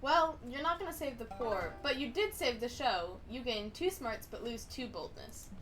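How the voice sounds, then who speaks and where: Woman, streamer, reads game text aloud, playful, giggly, somewhat high voice. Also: lively intonation, normal speed, music in the background.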